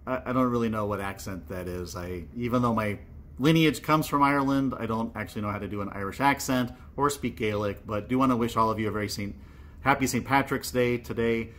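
A man's voice: medium pitch, brisk, a bit bright. Man giving a friendly pastoral message. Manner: friendly and encouraging, with tag questions to listeners. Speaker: parish priest. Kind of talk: casual pastoral video message.

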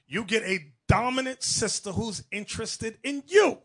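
A man preaching an animated sermon to a congregation, emphatic and mocking, acting out the people in his stories. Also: high voice, normal speed, hardly any pauses, husky.

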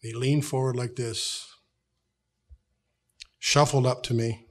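A middle-aged man with an American accent, preaching a sermon as a pastor, telling stories and dropping from loud to hushed tones. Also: mid-range voice, steady tone, slow. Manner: storytelling, shifts from loud to hushed.

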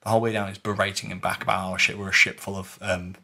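Low husky man telling a story. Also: fast talker. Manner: animated storytelling, acts out quoted voices. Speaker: podcast co-host recounting a LARP. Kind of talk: casual chat.

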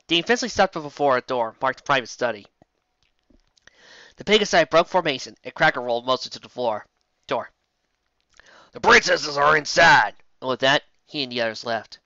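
A woman reading fan fiction aloud in a lively storybook narration with casual asides. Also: very deep voice, brisk, no room sound. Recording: dull lo-fi dry home recording.

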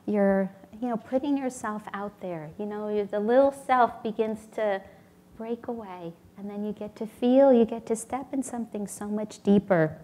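A woman's voice: mid-range voice, normal speed, warm tone. A woman giving a sermon at a spiritual community temple, earnest and storytelling, acting out little voices in her anecdotes.

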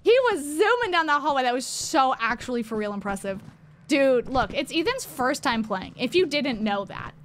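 A young woman with a high, bright-pitched voice calls out directions to her friends during a spooky co-op game. She is excitable and foul-mouthed, and cheers loudly when things go right. A faint hiss sits under her voice. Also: normal speed. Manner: excitable, swears freely, coaches teammates. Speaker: streamer playing a co-op horror game with friends. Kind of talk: live gameplay commentary.

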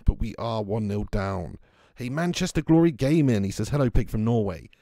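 A young man streaming a football video game, excitedly commenting, swearing at his players and greeting viewers in chat. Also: on the low side, normal speed, dry recording. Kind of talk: live game commentary and chat shout-outs.

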